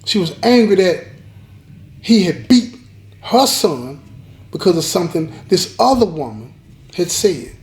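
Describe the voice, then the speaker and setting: A man's voice: high voice, sing-song, measured pace, pauses often. A man telling a dramatic story to his viewers, emphatic and repeating key lines, talking straight to the audience. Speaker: storyteller host. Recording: roomy echo.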